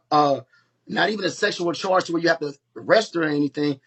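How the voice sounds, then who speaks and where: Man, husky and fairly high voice, live-stream storyteller, heated and profane. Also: fast talker, fairly bright tone. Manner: heated, profane, emphatic retelling.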